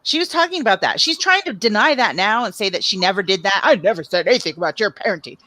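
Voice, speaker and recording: A woman's voice: mid-range voice, lively intonation, fast, pushed and bright, no room sound. A middle-aged woman co-hosting a live stream, talking bluntly and frankly in casual chat. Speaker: co-host.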